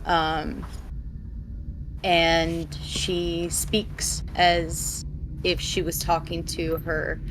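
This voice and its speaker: A woman's voice: fairly low pitch, level tone, extremely slow, background noise. A woman tabletop player and streamer, chatting casually and rambling with lots of fillers over an online call mic. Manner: rambling, full of "um" and "like". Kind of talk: casual chat about her character.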